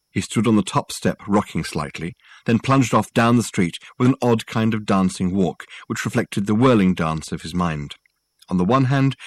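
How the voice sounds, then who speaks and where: A man reading an audiobook aloud with wry, expressive storytelling. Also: on the low side, slightly rough, dry recording. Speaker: audiobook narrator. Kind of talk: scripted narration.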